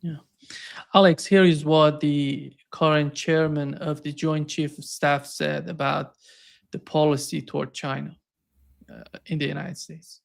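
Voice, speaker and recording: A man's voice: on the high side, level tone, unhurried, vocal fry. A man hosting an interview, asking questions in an informal way. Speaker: host.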